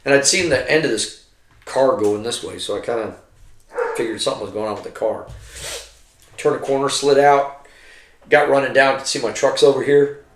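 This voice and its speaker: Middle-aged male veteran storyteller, mid-pitched, swears constantly, animated delivery, recorded in an echoey room. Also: moderate pace, long pauses, slight background noise. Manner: heavily profane, animated, acts out quotes. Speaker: army veteran telling war stories. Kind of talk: casual storytelling over drinks. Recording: roomy echo.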